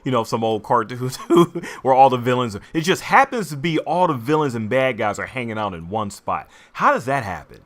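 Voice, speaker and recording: A young man co-hosting a podcast, talking haltingly with lots of ums and restarts. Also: mid-range voice, animated, a bit bright. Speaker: podcast co-host. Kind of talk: casual chat.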